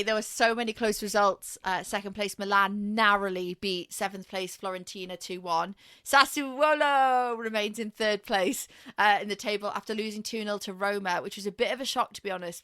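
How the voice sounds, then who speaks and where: A woman's voice: mid-range voice, a bit bright. A woman co-hosting a podcast, giving casual football chat in a playful, teasing, chatty way. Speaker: podcast co-host.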